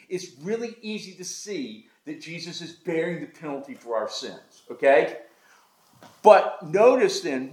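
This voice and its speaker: High-voiced emphatic preacher man. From American South. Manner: emphatic preaching with repetition, folksy asides. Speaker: pastor. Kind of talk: sermon.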